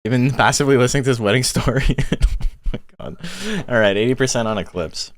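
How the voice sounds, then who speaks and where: A man hosting a live stream, giving casual commentary on monster battles in a relaxed, chatty way and laughing as he tells stories. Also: mid-range voice, fast talker, dry recording.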